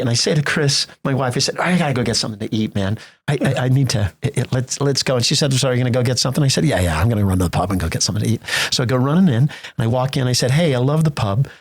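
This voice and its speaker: A middle-aged American man, a theater festival executive, telling lively stories in a podcast interview and acting out the voices he quotes. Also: mid-range voice, rapid-fire, husky, dry recording. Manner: animated storyteller acting out quotes.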